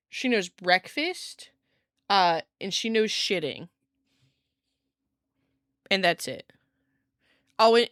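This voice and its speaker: Rambling, animated woman streamer. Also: mid-range voice, no room sound, studio quality. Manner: rambling, lots of "like" fillers, laughs often. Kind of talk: casual chat with viewers. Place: home room with her cat.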